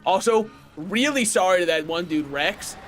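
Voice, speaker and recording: Young american guy streaming a game, pretty high voice, rambly, keeps correcting himself, little bursts of hype, faint music behind. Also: moderate pace. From United States. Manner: rambling, self-correcting, excitable outbursts. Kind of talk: casual gaming livestream chat.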